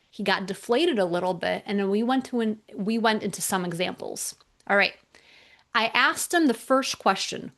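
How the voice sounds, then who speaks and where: An energetic woman walks through an educational presentation as a tax accountant. She speaks emphatically and stops to ask her audience rhetorical questions to drive her points home. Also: medium pitch, moderate pace.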